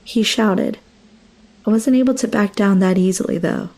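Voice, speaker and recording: A woman's voice: mid-range voice, moderate pace, a little mellow. A young woman narrating a first-person horror story with dramatic, emotional delivery.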